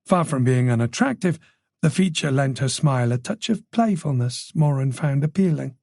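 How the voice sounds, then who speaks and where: Casting: male thriller narrator, husky and gravelly, dry close sound. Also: mid-range voice, expressive, moderate pace, darkish tone, no room sound. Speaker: audiobook narrator. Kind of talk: scripted narration.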